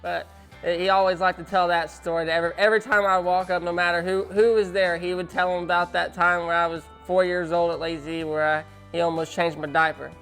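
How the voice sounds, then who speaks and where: Bright-voiced man telling a story. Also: high-pitched, flat delivery, fairly quick, soft background music, poor audio. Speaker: interviewee. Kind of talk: storytelling in a casual interview.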